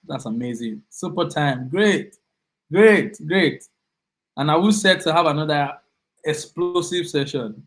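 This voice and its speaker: A man's voice: mid-range voice, rough recording. A young Nigerian man tutoring a live online class, greeting students by name in an upbeat, chatty way with lots of repeated words.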